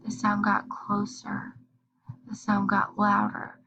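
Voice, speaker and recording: A woman reading a picture book aloud to young children, slow and expressive, pausing to ask them questions. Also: mid-range voice, gravelly, highs cut off, slight background noise. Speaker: storybook reader. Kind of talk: children's read-aloud storytime.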